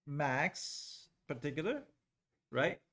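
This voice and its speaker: A man leads a live classroom calculus lesson, his voice sitting a bit high. He talks loosely and conversationally, pausing often to check whether the students are keeping up. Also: very animated, bright, forceful tone. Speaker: calculus teacher.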